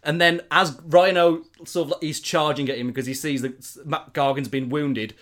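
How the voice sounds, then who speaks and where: Dude telling a story, excited, all over the place. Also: male voice, fairly high pitch, moderate pace. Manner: animated, rambling storyteller with many fillers. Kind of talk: casual plot retelling.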